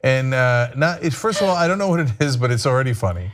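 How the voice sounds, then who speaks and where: A man's voice: mid-range voice, very animated, fast. Man, talk show co-host, mid-range voice, joking, teasing banter. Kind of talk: casual talk-show chat.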